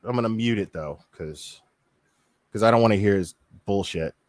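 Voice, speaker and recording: A man's voice: fairly low pitch, moderate pace, darkish tone, no room sound. A man ranting profanely and heatedly as a streamer, commenting on a video and talking to his chat.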